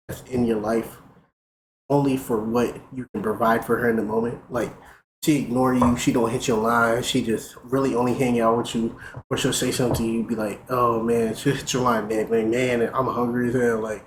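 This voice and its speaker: A young man streaming, casually telling a profane, animated story. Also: mid-range voice, normal speed. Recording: roomy with faint noise.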